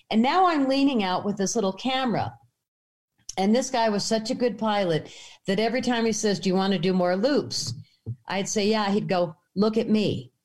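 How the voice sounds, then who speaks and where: Animated woman telling a story. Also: medium pitch. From United States. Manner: animated, acts out voices in anecdotes. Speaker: filmmaker guest. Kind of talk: casual storytelling in an interview.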